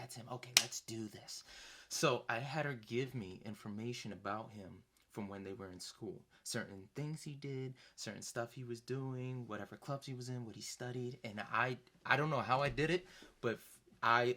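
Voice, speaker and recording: A young man telling a concert story in a loose, animated way, swearing now and then and acting out the voices of the people in it. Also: fairly low pitch. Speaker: vlogger. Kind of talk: casual storytelling.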